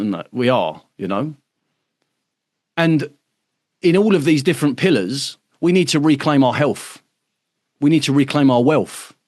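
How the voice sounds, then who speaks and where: A man from the United Kingdom hosts an online workshop, casually addressing members over a livestream in a medium-pitched voice. He talks emphatically, swears heavily, keeps asking "right?", and acts out other people's voices mid-talk. The audio is dry and studio quality.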